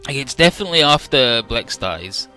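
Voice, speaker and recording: A man chatting casually, retelling a story with animated energy, swearing and mimicking the characters. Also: medium pitch, moderate pace, soft background music. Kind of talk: casual chat.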